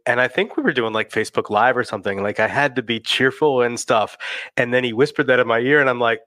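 A man talking through his past in recovery during a relaxed conversation. He wanders and restarts as he thinks aloud, and the recording is dry and close, with little room sound. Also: mid-range voice, fast, dry recording. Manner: reflective, rambling with restarts. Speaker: person in recovery sharing experience. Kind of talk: casual personal conversation.

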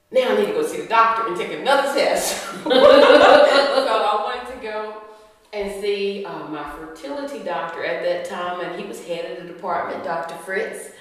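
Podcast guest: woman, lively storyteller who acts out quotes, recorded in a reverberant room. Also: medium pitch, distant mic. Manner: animated storyteller, acts out quotes, laughs often. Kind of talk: storytelling interview chat. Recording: echoey room, voice from the mic.

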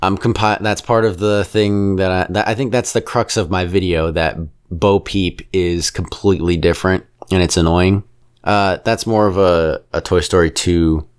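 With a low, clean, steady voice, a man co-hosts a podcast and talks about a film casually. He rambles, holds strong opinions, and keeps slipping into quick character impressions.

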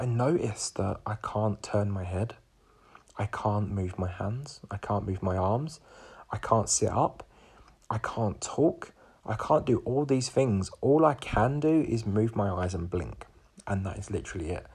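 A man's voice: on the low side, creaky, a little mellow, breathy edge. A man in his twenties hosting a podcast, telling a personal story in a rambling way full of fillers and restarts. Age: 20s. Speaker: podcast host.

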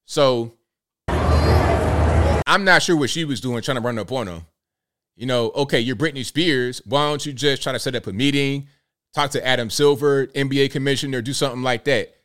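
A man's voice: medium pitch, normal speed, fairly bright tone. Chatty man in his thirties hosting. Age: 30s. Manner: incredulous and chatty, narrating a clip. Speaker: host. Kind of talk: casual commentary show.

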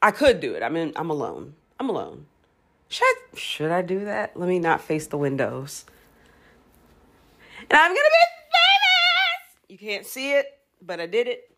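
A woman's voice: on the low side, wildly swooping pitch, normal speed, vocal fry, a little hiss or hum. A woman hosting her solo podcast from home, giggly, losing her place, restarting and chewing as she talks. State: chewing food. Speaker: podcast host. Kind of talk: rambling solo podcast talk. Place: home, alone.

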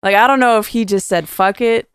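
A woman's voice: medium pitch, steady tone, a little fast, smooth, no echo, studio quality. A woman co-hosting a podcast, telling a story in casual chat, swearing freely and acting out the people she quotes. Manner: swears freely, laughs through stories, acts out quoted people. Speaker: podcast co-host.

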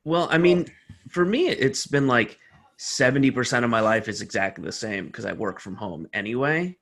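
A man's voice: medium pitch, animated, moderate pace, creaky, fairly bright tone. A young man co-hosting a podcast, chatting casually in a laid-back, explaining way. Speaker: podcast co-host. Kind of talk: casual chat.

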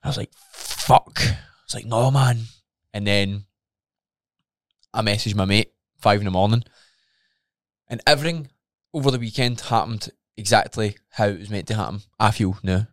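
A man's voice: lowish voice, moderate pace, no room sound, studio quality. A Scottish man co-hosting a podcast, telling a personal story openly and emotionally, swearing often. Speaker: podcast co-host. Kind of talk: candid podcast conversation.

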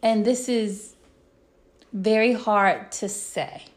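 A woman co-hosting a casual podcast with her husband, blunt and direct, animated and often restarting her thoughts. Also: medium pitch, slow. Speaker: podcast co-host. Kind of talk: casual chat.

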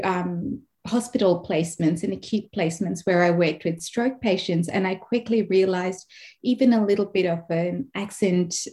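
A woman from Kenya speaks in a modified Australian accent as an interview guest. She talks thoughtfully, pausing with fillers as she explains her work. Her voice sits at a middle pitch for a woman. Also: darkish tone. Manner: thoughtful, many fillers and pauses. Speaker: guest, speech and language pathologist. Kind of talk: casual interview conversation.

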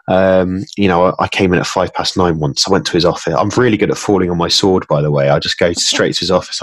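A man chatting as a podcast guest, self-deprecating and quick to laugh. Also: sits low, fairly even intonation, dry recording. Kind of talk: casual conversation.

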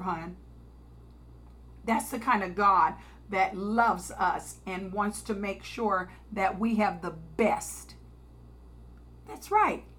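A woman's voice: on the high side, a bit bright. A woman preaching a sermon, reading scripture and exhorting her listeners, calling them honey and lifting her voice on key phrases.

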